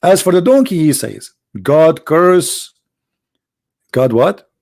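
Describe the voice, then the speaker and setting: A man with an Arabic accent hosting a live stream, reading and translating a text aloud in halting English with many restarts. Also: high voice, very animated, vocal fry, dark tone, husky. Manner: halting, restarts and searches for words.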